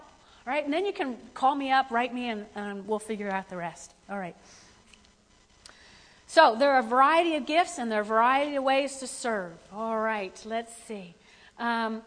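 A woman pastor preaching a sermon in a lively, playful way, talking straight to the congregation. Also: sits high, big-room sound. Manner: animated, playful, talks directly to the congregation.

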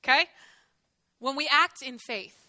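A woman giving a lively, joking Bible teaching, acting out the people in the story as she goes. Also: sits high, measured pace, dry recording. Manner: lively, jokey, acts out the characters.

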